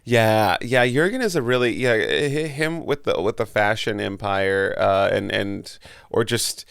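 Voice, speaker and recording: A man's voice: on the low side, expressive, unhurried, creaky, fairly bright tone, smooth, dry recording. A man chatting as a guest in an interview, rambling with many restarts and casual swearing. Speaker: guest, comedian and voice actor.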